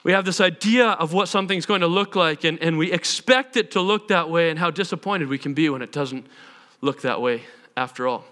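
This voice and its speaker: Male preacher, casual storytelling sermon; smooth, clear tone, bright. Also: fairly high pitch, fairly quick. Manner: animated, self-deprecating, conversational. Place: stage. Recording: long hall reverb.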